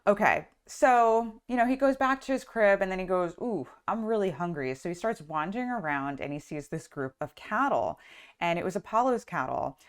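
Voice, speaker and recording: A woman's voice: mid-range voice, expressive, moderate pace, smooth. A woman teaching astrology who retells a myth in a chatty, loose way, full of "like" and "um". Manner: chatty, lots of "like" and "um". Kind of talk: casual storytelling lesson.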